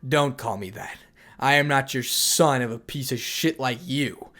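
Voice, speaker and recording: A man's voice: mid-range voice, a little slow, sharp tone. Man narrator doing scornful young man, icy menace, own voice. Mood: cold scorn. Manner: venomous, growling threats.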